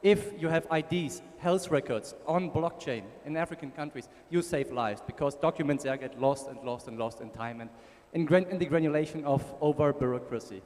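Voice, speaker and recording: Man with German accent, casual conference speaker, slightly high voice, long ballroom reverb. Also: moderate pace, hardly any pauses, a little mellow. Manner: casual, joking with the audience and slide helper. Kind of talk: conference talk.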